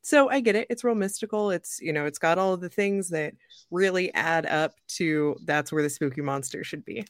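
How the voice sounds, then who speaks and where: A young adult woman hosting a podcast, telling a story in a lively, joking way and laughing often. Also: lowish voice, moderate pace, no echo, clean studio sound. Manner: animated, jokey, laughs often. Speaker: podcast host. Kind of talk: casual storytelling chat.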